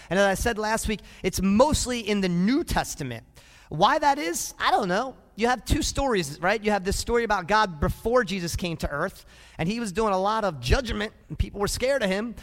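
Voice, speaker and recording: A male pastor with a high voice preaches a lively sermon at a moderate pace, often asking his congregation questions. His voice rings out with long reverb in a large hall.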